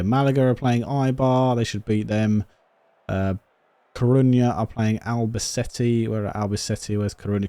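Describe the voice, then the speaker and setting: Male gamer commentating a football sim, mellow tone, excitable swings. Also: mid-range voice, no room sound. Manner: excitable, shouts at the match then drops to quiet musing. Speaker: gaming YouTuber. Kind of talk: casual commentary over a football management game.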